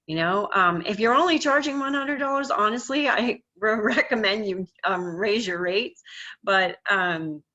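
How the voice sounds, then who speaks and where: A middle-aged woman talks shop as a coach, earnest and sure of herself, leaning into her points with conviction. Her voice sits a little low but sounds bright and forceful. The audio is dull and lo-fi. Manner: earnest, confident, emphatic. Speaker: hypnotherapist and business coach. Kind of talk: casual instructional talk to camera.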